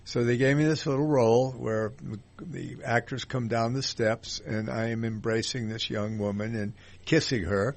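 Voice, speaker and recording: A man's voice: medium pitch, fairly even intonation, normal speed. An older man hosting a talk radio show, telling rambling anecdotes in a casual, friendly way with lots of fillers.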